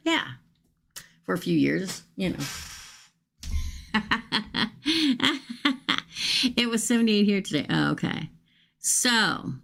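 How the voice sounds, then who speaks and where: A chatty woman gives a casual livestream tarot reading. Her voice is low and gravelly with plenty of fry, and she talks to viewers in a folksy, straight-talking way. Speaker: tarot reader.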